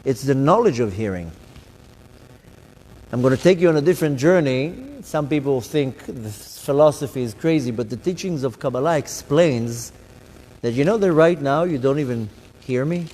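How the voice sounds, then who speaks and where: A man's voice: mid-range voice, expressive, normal speed, darkish tone. A man, a rabbi, telling his story to a congregation, acting out his own thoughts and the voices of others. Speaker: rabbi giving a talk. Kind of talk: live talk to a congregation. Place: synagogue hall. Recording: live synagogue hall with long reverb.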